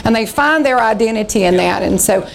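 A woman's voice: fairly high pitch, expressive, brisk, vocal fry, a little hiss or hum, rough recording. A woman pastor in her sixties, preaching in a folksy storytelling way and acting out the voices in her stories. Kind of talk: sermon.

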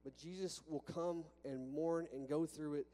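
In a church sanctuary with a balcony, a pastor preaches with a mellow, higher-leaning voice, holding a steady tone at normal speed. His sermon feels conversational, with restarts and rhetorical questions. The recording has long church-hall reverb and a faint hum.

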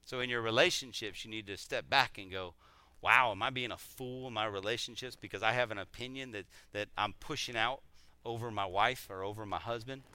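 A middle-aged man preaching a sermon, animated and acting out quoted voices. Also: fairly low pitch, fairly quick, clean tone, no echo. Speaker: pastor.

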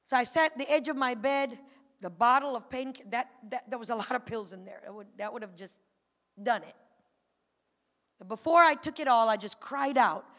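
A woman giving a personal testimony to a church congregation, moving from a quiet retelling to fervent calls. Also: fairly high pitch, normal speed. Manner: builds from quiet storytelling to fervent shouting. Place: church sanctuary. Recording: long church hall reverb.

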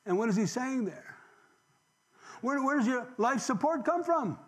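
A man in his sixties preaching a sermon, firing rhetorical questions and swinging from loud emphasis to emotional near-whispers. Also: extremely high pitch, expressive, a little slow, pauses often. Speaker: pastor.

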